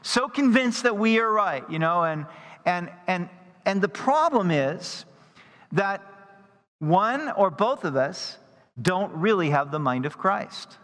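High-voiced preaching man, hall echo. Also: expressive, slow pace, fairly bright tone. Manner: earnest, repeats words when he restarts. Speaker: pastor. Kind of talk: sermon.

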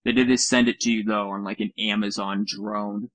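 A man's voice: on the low side, little pitch movement, normal speed, crowd noise, low-quality recording. A man co-hosting a casual chat over a voice call, sarcastic and mocking, swearing now and then. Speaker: podcast co-host. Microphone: computer mic on a voice call.

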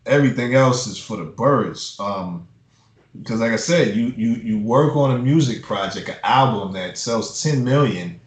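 A man's voice: medium pitch, animated, moderate pace. A man who works as a music publisher, giving blunt, profane advice in a casual interview and ranting with heat. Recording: roomy echo.

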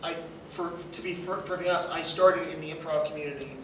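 A male comedian chatting casually, quick and sarcastic with many restarts. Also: on the high side, steady tone, a bit bright. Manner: quick, sarcastic, self-correcting. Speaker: comedian, guest. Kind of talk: casual chat. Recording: echoey room, mic at a distance, faint noise.

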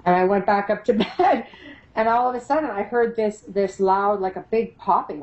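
A woman's voice: mid-range voice, normal speed, a little mellow, poor audio. A middle-aged woman being interviewed about her paranormal investigation work, telling stories animatedly, laughing often and acting out the voices she quotes. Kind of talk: casual storytelling in an interview.

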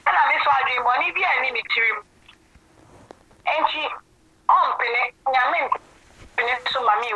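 High-voiced Ghanaian woman telling a story. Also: unhurried, long pauses, breathy edge. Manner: animated storyteller, acts out quoted dialogue. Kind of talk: casual storytelling chat. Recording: muffled audio with faint noise.

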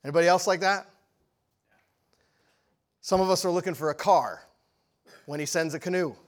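A male preacher delivering a sermon in a lively, conversational way. He often checks in with the audience through quick questions. His voice sits somewhat high for a man.

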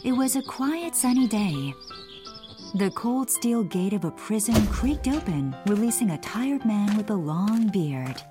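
A woman narrating a storybook in a clear, expressive reading voice. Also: mid-range voice, unhurried, music in the background.

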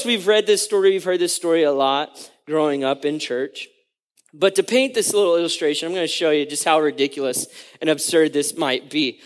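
A man preaching a casual, joking sermon, acting out the crowd's voices as he tells the story. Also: fairly high pitch. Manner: casual, joking, lots of "like" and "you know". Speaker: pastor.

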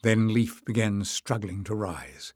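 A man narrating an audiobook in a measured storytelling manner. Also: lowish voice, lively intonation, a little mellow, breathy edge, no echo, studio quality. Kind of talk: scripted narration.

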